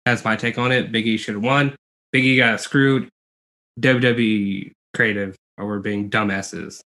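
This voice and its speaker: A man co-hosting a casual podcast, animated and acting out quotes as he talks. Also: on the low side, a little slow. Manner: animated, acts out quotes in raised voice. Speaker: podcast co-host. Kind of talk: casual podcast review chat.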